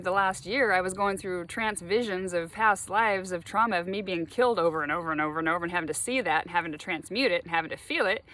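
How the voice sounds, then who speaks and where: Woman spiritual vlogger, animated rambling monologue, frequent laughs and swearing, mid-range voice. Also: mid-range voice.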